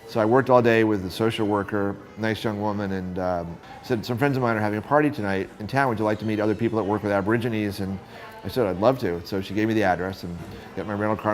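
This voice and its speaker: A middle-aged man with a low voice recounts his years as a photographer, acting out the people he met as he goes. The low voice stays easy and conversational. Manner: animated storyteller acting out quoted voices. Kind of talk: storytelling interview.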